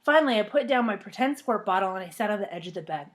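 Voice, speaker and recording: A woman reading a children's storybook aloud in a lively, expressive way, then talking to the children she reads for. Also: mid-range voice, fast. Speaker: reader of a children's book.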